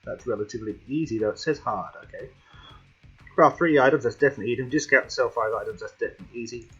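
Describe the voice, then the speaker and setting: Chatting fast as he plays, this gaming-channel host offers casual let's-play commentary, addressing himself and the game. He has a medium-pitched, breathy-edged voice, picked up by a slightly dull lo-fi home mic over faint music.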